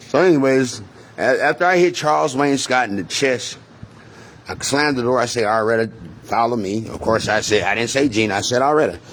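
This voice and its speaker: A man's voice: medium pitch, a bit bright. A man from Texas with a Texan accent, telling a story to viewers in a heated, rambling, profane way and often repeating himself.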